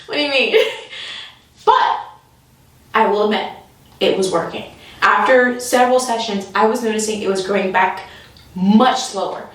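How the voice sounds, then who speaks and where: A woman telling a comic story in an animated way, laughing often and acting out the voices of the people in it. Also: fairly high pitch. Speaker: comedian. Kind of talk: storytelling comedy. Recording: echoey room, from a distance.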